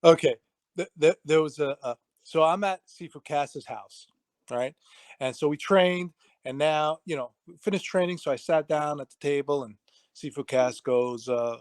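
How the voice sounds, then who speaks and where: A man's voice: a little high, normal speed, no room sound. A middle-aged man, a martial arts instructor, telling stories in a casual interview, acting out quoted voices and laughing easily.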